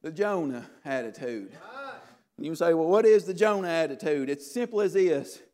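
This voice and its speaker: A male preacher with a strikingly high-pitched voice delivers a sermon to his congregation. He builds to loud, emphatic shouts, then drops back into conversational asides peppered with "hey" and "I tell you what.". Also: fairly quick.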